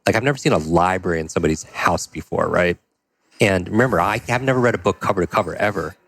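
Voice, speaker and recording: A man telling a personal story as a podcast guest, energetic and acting out the dialogue. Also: low-pitched, fast, slightly rough. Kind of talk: conversational storytelling.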